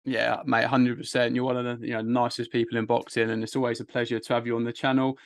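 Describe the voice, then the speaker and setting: A man's voice: medium pitch, little pitch movement, fast talker, creaky, no room sound. A man hosting a sports podcast, interviewing a guest in a friendly, chatty way. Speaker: podcast host. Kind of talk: casual interview chat.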